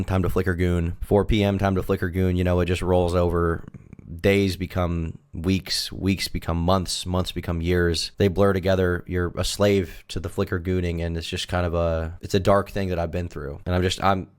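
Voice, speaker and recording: A man streaming live, delivering a melodramatic, self-pitying mock-serious rant in a deadpan tone. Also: low-pitched.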